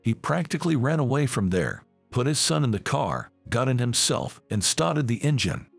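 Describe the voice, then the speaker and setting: A man narrating a scripted family story in a measured storytelling manner. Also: medium pitch, sing-song, vocal fry, no room sound, soft background music.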